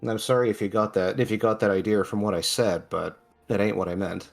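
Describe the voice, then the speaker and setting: Soren, played by a man: low-voiced, sorry-sounding, halting, faint music under him. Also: fairly even intonation, creaky. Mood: apologetic. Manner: halting, apologetic, says "aye" and "ain't". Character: earnest, apologetic man Soren.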